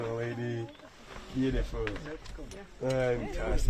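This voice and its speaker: Guiding people around an elephant sanctuary outside, a man gives encouraging live commentary about the animals and compliments their photos. He speaks at medium pitch and normal speed, with very noisy background chatter from visitors.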